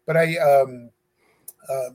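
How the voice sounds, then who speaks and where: A man who corresponds with death row inmates speaks as a guest in a casual interview. His medium-pitched voice is slow and fairly even, and he talks earnestly but hesitantly, with many fillers and restarts.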